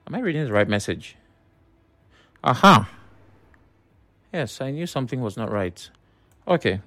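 A man with a Nigerian English accent hosting a phone-in radio talk show, briskly reading listener messages aloud with loud emphasis. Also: mid-range voice, lively intonation, no echo.

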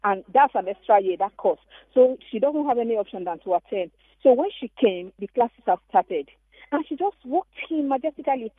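Nigerian lady caller, high husky voice, thin phone sound, tells stories with lots of emphasis. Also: fairly quick, no echo. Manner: animated storytelling, emphatic. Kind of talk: call-in radio comment. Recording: tinny phone line.

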